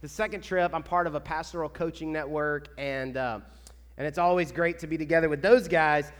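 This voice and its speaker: An upbeat male pastor, fairly high-voiced, talks to his congregation in a loose, excitable way. His voice rings out through a big reverberant church hall. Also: brisk. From Kentucky. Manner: excitable, chatty, enthusiastic. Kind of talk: church announcements before a sermon. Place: church sanctuary.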